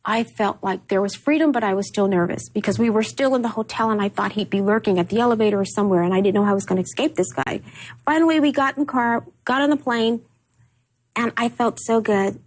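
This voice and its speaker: A woman sits in a studio as an interview guest, recounting painful memories. Her voice is fairly high and husky. She halts and repeats words when she gets upset. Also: fast, rough recording. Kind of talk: emotional personal recollection.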